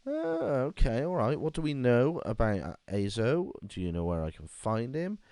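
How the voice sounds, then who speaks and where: A man commenting on a game playthrough, reading the text aloud and breaking into animated rants. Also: mid-range voice, moderate pace, smooth, no room sound. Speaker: gaming video host.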